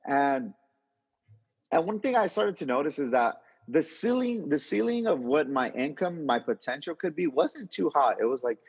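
A man with a husky, slightly breathy voice tells his story in a loose, animated way. He keeps circling back and restarting his sentences. The audio sounds dull and lo-fi. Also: a little high, normal speed, big-room sound. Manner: animated, rambling, lots of restarts and slang. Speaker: interview guest, entrepreneur. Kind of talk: casual storytelling.

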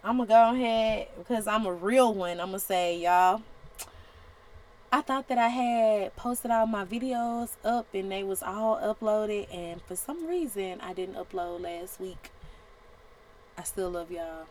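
Woman, podcast host, faith talk, emphatic, colloquial, exhorting, mid-pitched. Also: a little slow, a little hiss or hum, low-quality recording.

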